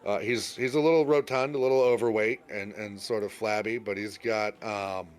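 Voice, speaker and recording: A man's voice: on the low side, steady tone, normal speed, smooth. A man narrating a tabletop role-playing game as game master, in a loose, rambling way with lots of fillers. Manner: rambling, full of fillers and restarts.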